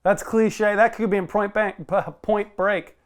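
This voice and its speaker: A man's voice: sits high, steady tone, clean tone. A man co-hosting a movie review show who argues his side in casual debate and often stumbles and repeats words. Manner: argumentative, halting, repeats words.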